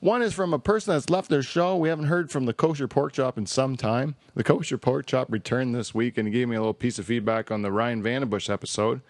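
A man's voice: medium pitch, brisk, hardly any pauses, dry recording. A man hosting a podcast in a casual, jokey and rambling way, reading listener feedback aloud. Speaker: podcast host.

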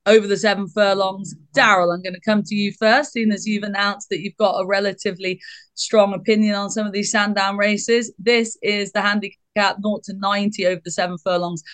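A woman hosts a podcast in casual chat. She is teasing and brisk. Her voice sounds dry and close to the mic. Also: medium pitch, no room sound. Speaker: podcast host.

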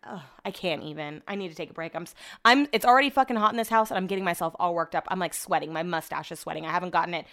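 Animated ranting young woman. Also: on the low side, very fast, hardly any pauses. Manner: animated, ranting, swears freely. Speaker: podcast host. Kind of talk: casual chat.

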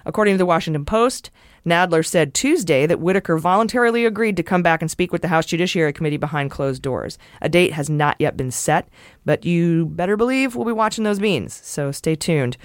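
A woman's voice: on the low side, expressive, fairly quick, hardly any pauses, no room sound, clean studio sound. A woman co-hosting a political podcast, talking casually in a blunt, profane, sarcastic way. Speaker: podcast co-host.

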